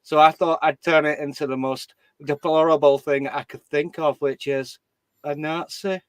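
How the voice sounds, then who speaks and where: A man's voice: fairly high pitch, steady tone, moderate pace, no room sound, close to an everyday voice. A man putting on a Scottish accent to mimic a well-known online comedian in a mocking way. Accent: put-on Scottish.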